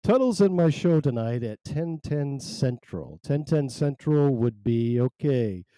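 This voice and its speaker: A man hosts a loose live talk show in an unhurried, mellow voice. He rambles and jokes at his own expense, close on a dry mic with no room sound. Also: medium pitch, lively intonation, clean tone, dry recording. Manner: rambling, jokey, self-mocking. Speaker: host.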